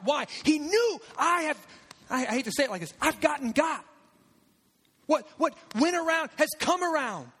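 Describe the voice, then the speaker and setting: A man preaching a sermon in an animated way, acting out the quoted lines in a raised voice. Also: very high voice, in a large hall. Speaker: pastor.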